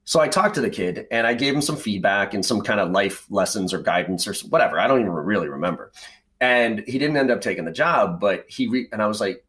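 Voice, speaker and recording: Blunt, low-voiced middle-aged man telling stories. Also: expressive, fast talker, fairly bright tone. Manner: blunt, swears freely, conversational. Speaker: sales trainer, podcast guest. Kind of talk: casual storytelling in a podcast interview.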